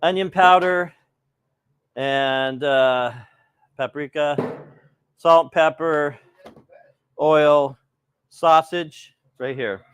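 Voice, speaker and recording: A man's voice: fairly high pitch, extremely slow, long pauses, fairly bright tone, smooth, no room sound. A middle-aged man hosting a live cooking stream, rambling casually and greeting viewers by name, a little cold.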